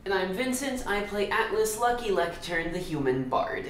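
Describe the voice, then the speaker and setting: A man's voice: sits high, big pitch swings, moderate pace, echoey room, a little hiss or hum. A man playing in a tabletop game, wry and dry-humored while recapping the story. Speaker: player.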